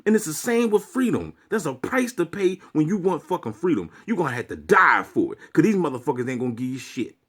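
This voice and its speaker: A man's voice: on the high side, big pitch swings, fairly quick, hardly any pauses, a bit bright, breathy edge. A man delivering a preachy, profanity-laced rant to his viewers as a vlogger. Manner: preachy, swearing, lecturing.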